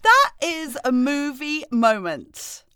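A woman's voice: high voice, big pitch swings, takes it slowly, pushed and bright, no echo, clean studio sound. A woman, co-hosting a podcast in casual chat, playful and teasing, with the odd swear word. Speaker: podcast co-host.

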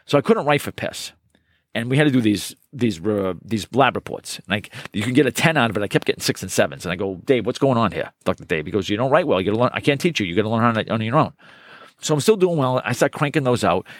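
A man's voice: medium pitch, fast, dry recording, clean studio sound. Profane, fired-up middle-aged man. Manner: energetic, profane, repeats words when fired up. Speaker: podcast guest, trainer and author. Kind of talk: casual interview storytelling.

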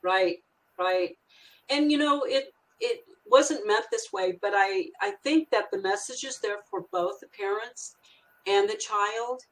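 A woman's voice: medium pitch, measured pace, poor audio. An older woman, a grandmother and children's author, telling a story in a rambling way with many fillers and restarts. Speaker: guest author. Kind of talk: casual storytelling interview.

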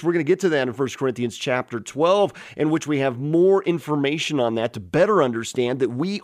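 A man's voice: a little high, lively intonation, brisk, few pauses, no echo, clean studio sound. A man preaching an expository sermon in an earnest teaching tone, often restarting his phrases.

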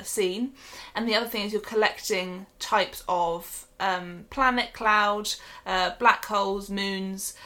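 Brief: female co-host, mid pitch, friendly recommending tone, casual chat. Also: sharp tone. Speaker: board game podcast co-host.

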